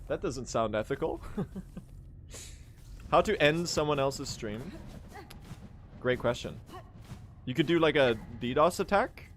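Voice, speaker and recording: A man's voice: fairly high pitch, expressive, slow, pauses often, a bit bright, slight background noise. A young man streaming a speedrun, chatting casually and joking as he answers his chat.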